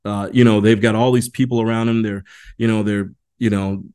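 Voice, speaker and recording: A man's voice: fairly low pitch, level tone, a little fast, a little mellow, clear, resonant tone. A man presenting a leadership session on a group video call, talking informally and then reading an article aloud, often restarting and repeating his words.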